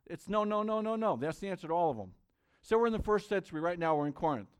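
A male pastor preaching a sermon in an earnest, conversational way. His voice sits a little higher than most men's. He reads scripture aloud and talks straight to his listeners. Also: lively intonation, quick pace, few pauses, clean tone.

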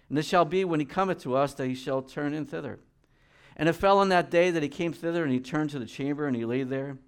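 Animated middle-aged male pastor preaching. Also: fairly high pitch, fast, clean tone. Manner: animated preaching, acting out voices and reading scripture aloud. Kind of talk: sermon.

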